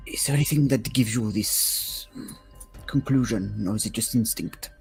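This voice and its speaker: A man's voice: on the low side, moderate pace, creaky, darkish tone, soft background music. A man voicing a polite, curious cat-folk adventurer with a stereotypical French accent and a purring, cat-like tone, in a tabletop role-play. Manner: formal, inquisitive, purring cat-like tone.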